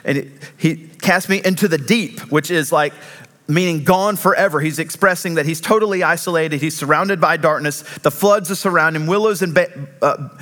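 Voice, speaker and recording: A man preaching a sermon in an earnest, emphatic way, slowing down on key phrases. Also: fairly high pitch, a bit bright. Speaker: pastor.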